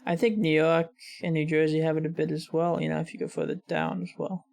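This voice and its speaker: American man, casual reaction host, gravelly vocal fry yet clean resonant tone, muses aloud. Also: a little high, steady tone, fairly quick, a little mellow. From United States. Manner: thinks aloud, tries out words hesitantly.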